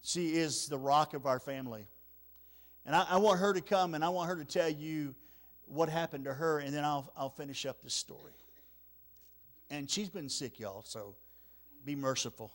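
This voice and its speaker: A man preaching at a church revival, telling a story with emotion, often repeating words and dropping very quiet at the sad parts. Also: a little high, normal speed, pauses often. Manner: emotional, repeats words, drops to near-whisper at sad moments. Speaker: evangelist. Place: church sanctuary.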